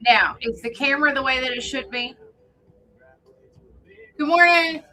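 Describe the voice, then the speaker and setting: A woman's voice: sits high, fairly even intonation, quick pace, pushed and bright, low-quality recording. Chatty woman radio host. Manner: chatty, loose and rambling, greets listeners by name. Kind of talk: casual morning radio chat. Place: radio studio.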